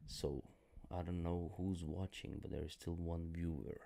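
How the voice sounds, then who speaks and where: A man on a casual live stream, hoarse and tired, talking bluntly and rambling with many restarts. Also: sits low, steady tone, measured pace, mellow. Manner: rambling, blunt, self-correcting. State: hoarse, voice cracking.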